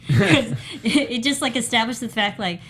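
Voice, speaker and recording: A woman's voice: fairly high pitch, expressive, normal speed, a bit bright. Giggly woman in a film chat, faint room hiss. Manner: giggly, laughs often while talking. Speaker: podcast co-host. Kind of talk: casual movie review chat.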